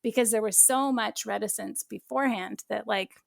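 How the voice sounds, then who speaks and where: A middle-aged woman hosting a podcast, telling a story in casual chat, candid and lively as she acts out bits of dialogue. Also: medium pitch, normal speed, vocal fry, no echo, clean studio sound. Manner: animated storyteller who acts out quoted dialogue; candid, uses mild swearing. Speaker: podcast host.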